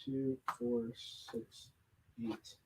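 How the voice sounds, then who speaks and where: A man's voice: mid-range voice, flat delivery, very slow, heavy background noise. A man from the United States who creates comics, chatting casually and joking on a livestream Q&A while he counts stock aloud.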